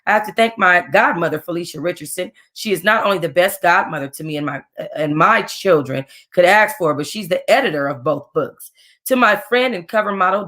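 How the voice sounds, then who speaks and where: A woman reading a novel aloud in an expressive way, with chatty asides to her listeners. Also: fairly low pitch. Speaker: audiobook reader.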